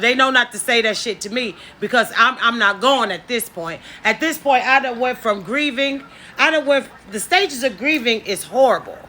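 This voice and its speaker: A woman recounts a personal story straight to her audience in a casual monologue. Her voice sits high and sounds bright and forceful. She talks bluntly, curses now and then, and keeps stopping for asides. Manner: emphatic, candid storytelling with frequent asides to viewers; blunt, occasional cursing.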